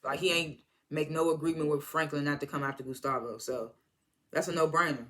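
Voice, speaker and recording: Bright-voiced, rambling TV episode reviewer. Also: mid-range voice, a little fast, slight background noise. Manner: animated, rambling, self-correcting; excited exclamations. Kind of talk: casual episode recap.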